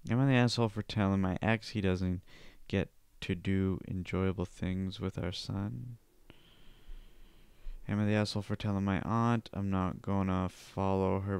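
A man hosts a casual podcast on his own and reads posts aloud. His voice is smooth and clear, set close to the mic in a dry, dead room. He mutters offhand comments to himself and now and then bursts out loud and silly. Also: low voice, no echo. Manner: offhand, mumbling asides, sudden loud silly outbursts. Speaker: podcast host.

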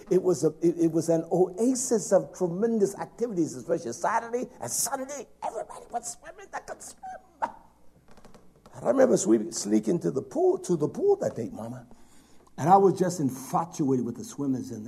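High husky voiced preacher guy, goes loud then drops to a whisper. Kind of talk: sermon.

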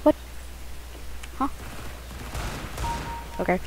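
This home recording catches a first-time gamer commentating on their own shooter match, rambling self-consciously with muttered asides into a close mic their lips bump. The delivery is extremely slow and a little mellow. There's slight background noise and the audio is poor.

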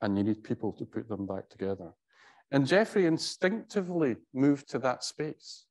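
This middle-aged professor's tribute speech is anecdotal and wry, delivered in a conversational, halting style with many restarts. His medium-pitched, darkish voice swings widely in pitch.

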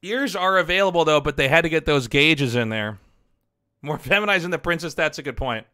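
Laughing man, crisp bright voice. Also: on the high side, brisk, no echo, studio quality. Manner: laughs often, amused asides, swears. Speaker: streamer reviewing fan drawings. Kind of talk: casual stream commentary. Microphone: headset.

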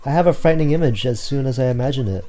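A man's voice: mid-range voice, racing, warm tone. A man playing through a story game and reading its dialogue aloud in an awkward, self-deprecating way, over faint game music. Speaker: let's player.

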